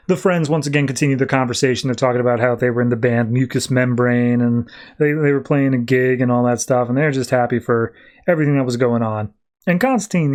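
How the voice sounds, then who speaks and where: A man's voice: mid-range voice, a little mellow. A man hosting a podcast, casually recapping a comic with loose, filler-heavy paraphrase. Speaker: podcast host.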